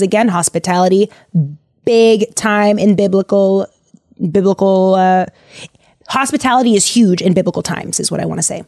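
A woman's voice: mid-range voice, darkish tone, no room sound, clean studio sound. A woman podcast host casually retelling a Bible story in a chatty, jokey way.

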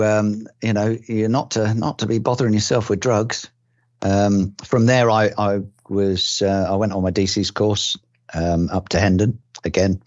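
In a lowish, slightly mellow voice, an older man from England who once worked as a police detective looks back on his career in an interview. He says um a lot, restarts his sentences and shows a dry wit in this relaxed oral-history recollection, captured on a dull, dry, lo-fi recording.

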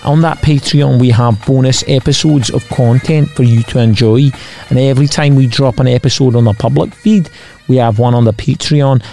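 A man's voice: medium pitch, fairly even intonation, moderate pace, gravelly, warm tone, faint music behind. A man hosting a podcast, reading out facts and chatting casually. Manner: chatty, sweary, reads out facts. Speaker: podcast co-host. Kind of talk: casual chat.

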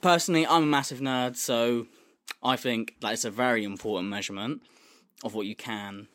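Man, podcast host, mid pitch, blunt jokey banter, swearing, dry close sound. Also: fairly quick, a bit bright, no room sound. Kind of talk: casual chat.

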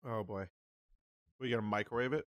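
A man's voice: fairly low pitch, steady tone, fairly quick, no echo. A man in a casual drinking-game chat, laughing and teasing his friends.

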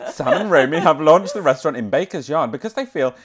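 A woman's voice: sits low, lively intonation, quick pace, breathy edge. Giggly woman reading news aloud. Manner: giggly, breaks into put-on voices and playful asides. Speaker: podcast co-host. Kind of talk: casual chat, reading news stories aloud.

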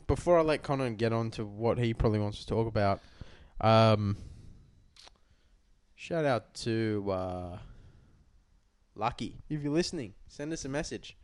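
A man's voice: lowish voice, lively intonation, unhurried, darkish tone, smooth, no echo. A young Australian man co-hosting a podcast in casual chat, crude and jokey, swearing constantly into a podcast mic. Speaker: podcast co-host.

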